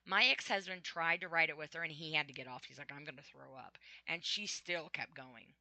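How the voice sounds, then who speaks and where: Chatty woman with a bright dry voice. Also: low voice, fairly quick, dry recording. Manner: chatty storytelling with frequent ums and laughs. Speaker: vlogger. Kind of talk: casual personal monologue.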